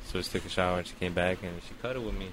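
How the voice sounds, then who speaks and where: A man whose voice sits low races through a long comic story on his podcast, using casual, profane slang and animatedly acting out the voices. Slight background noise is audible.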